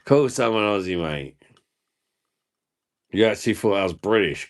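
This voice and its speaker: A man's voice: low voice, lively intonation, unhurried, long pauses. A man from the UK chatting casually on a live stream, rambling and swearing as he answers viewers' comments. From United Kingdom.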